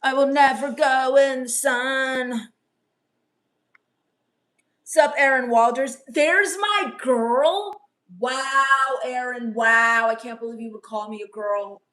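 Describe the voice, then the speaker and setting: A woman playing a sullen, scornful goth teen vampire on a comedy live stream, reading chat with deadpan, sarcastic put-downs. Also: sits high, slow.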